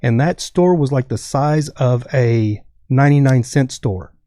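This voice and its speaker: A man's voice: mid-range voice, a little slow, mellow, dry recording, studio quality. A man from Texas telling a rambling story as a podcast guest, dropping "dude" often. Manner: rambling, says dude a lot. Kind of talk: casual storytelling.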